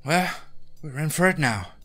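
A woman's voice: low voice, lively intonation, moderate pace, breathy edge, soft background music, voice pushed up. A man voicing an older woman who runs a small-town diner, with a friendly drawl. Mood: welcoming.

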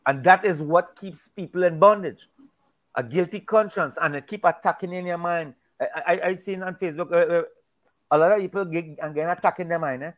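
A man's voice: high voice, brisk. A man in a casual Bible discussion, talking emphatically and preachily, often repeating and restarting his words.

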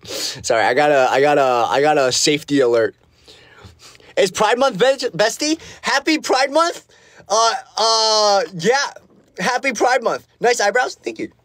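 Speaking a little slowly in a high, fairly bright voice, a man hosts a casual phone livestream. He's in a small foam-lined practice room, though no room sound comes through, and he reads comments aloud between filler-heavy rambling.

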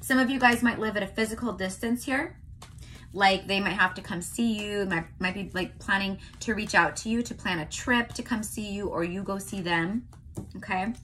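A young woman from California giving a casual tarot reading to her viewers, chatty and often checking in with a quick "okay?". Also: mid-range voice, pushed and bright, slight background noise. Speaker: tarot reader.

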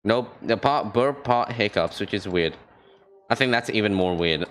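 A young man streaming a video game, commenting excitedly, trash-talking and repeating phrases. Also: on the low side, normal speed, slight background noise.

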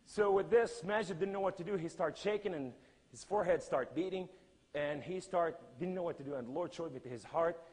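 Brief: man preacher with a raspy, higher voice, dramatic loud-to-hushed delivery, non-native English, long church reverb. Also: brisk. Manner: emphatic, with big swings between loud cries and hushed lines. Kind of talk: sermon storytelling.

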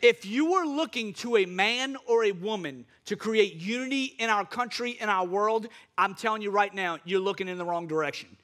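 A man's voice: high voice, normal speed, few pauses, fairly bright tone. A male pastor preaching a sermon with impassioned, repetitive exhortations.

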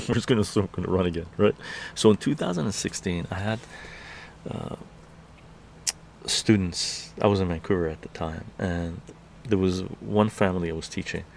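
Gravelly man ranting heatedly outdoors. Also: sits low, normal speed, long pauses, a little mellow, a little hiss or hum. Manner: heated ranting, keeps tagging "right?". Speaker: live stream host. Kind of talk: casual political monologue. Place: outdoor patio garden.

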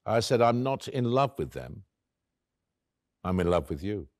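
In a one-man stage play, an actor plays an elderly male author recalling his late love in the first person, wry and tender, voicing both sides of their conversations. His lowish, slightly mellow voice is very animated yet unhurried. The recording is dry and studio quality.

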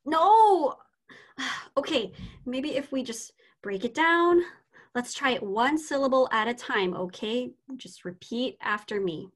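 A woman reading an impatient young woman who tutors French and snaps quickly. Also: fairly high pitch, expressive, a bit bright. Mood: exasperated. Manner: exasperated, quick to snap. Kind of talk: amateur scene reading.

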